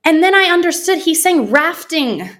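Woman guest from the US, lively storyteller who acts out quoted dialogue, casual interview. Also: medium pitch, normal speed.

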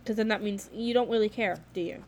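A woman's voice: medium pitch, a little fast, a little hiss or hum. Blunt young woman vlogging casually. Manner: candid, blunt, swears freely, lots of "like". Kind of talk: casual vlog talk.

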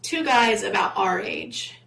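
A woman's voice: medium pitch, expressive, takes it slowly, creaky, a bit bright, low-quality recording. A woman from Missouri, co-hosting a podcast, recalling a road trip in casual chat and filling in details. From Missouri, USA. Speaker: podcast co-host.

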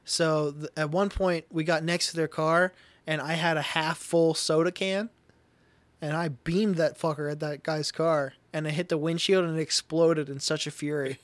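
A man co-hosting a podcast, his voice a touch high and recorded very dry, with no room sound at all. He chats in crude, casual banter and tosses in deadpan quips. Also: moderate pace, dry recording. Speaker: podcast co-host.

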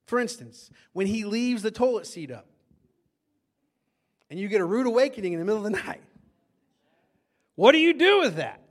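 A middle-aged man preaching a sermon, telling a story from his own marriage with animated energy. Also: high voice, moderate pace, long pauses. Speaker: pastor.

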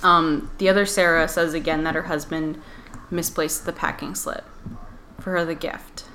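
A woman co-hosting a podcast retells a story in casual conversation, filling it with "like" and "um." Her voice is low with a steady, sharp tone at normal speed, and there's a little hiss or hum in the recording.

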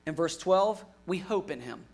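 A young adult man preaching a sermon in an earnest way, moving from emphatic lines to quiet, hushed ones. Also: fairly high pitch, expressive, moderate pace. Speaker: pastor.

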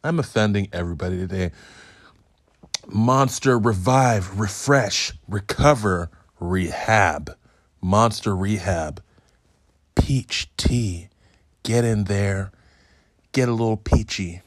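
A man's voice: on the low side, takes it slowly, pauses often, dry recording, clean studio sound. A man hosting a solo review podcast, talking in a hyped, profane, joking ramble. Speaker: podcast host.

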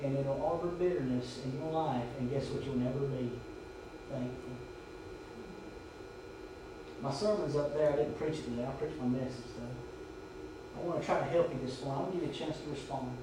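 A man's voice: medium pitch, fairly quick, background noise. A man preaching a sermon, telling a story and urging his congregation. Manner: storytelling, shouting quoted drill commands. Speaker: pastor. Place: church sanctuary. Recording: echoey church from far off.

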